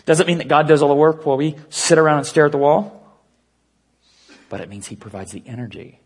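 A man preaching an earnest sermon, dropping to a hush and slowing down to stress key points. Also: on the high side, slightly rough. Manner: earnest preaching with hushed, slowed emphasis. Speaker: pastor.

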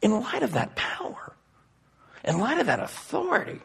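A man preaching a sermon and reading scripture aloud. He swings between loud, forceful emphasis and hushed, near-whispered passages. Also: high-pitched, huge pitch swings, normal speed, creaky, slightly rough. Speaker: pastor.

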